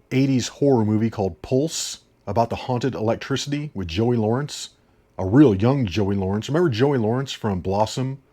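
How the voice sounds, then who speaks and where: A man's voice: mid-range voice, darkish tone. A man talking casually about movies he watched, rambling, repeating himself and laughing often. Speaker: movie reviewer.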